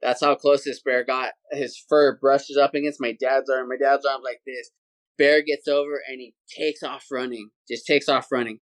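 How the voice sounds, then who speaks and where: A man's voice: medium pitch, moderate pace. Man telling a story with energy. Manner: animated, acts out sounds and voices. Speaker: podcast guest. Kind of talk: casual storytelling.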